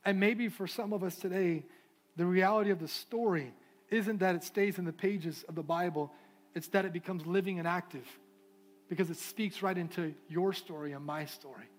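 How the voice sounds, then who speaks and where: A man preaching a sermon as pastor of a church, moving from fervent declarations to a softer, prayerful tone. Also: high-pitched, normal speed. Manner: impassioned preaching, shifting to soft prayerful tones. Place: church sanctuary.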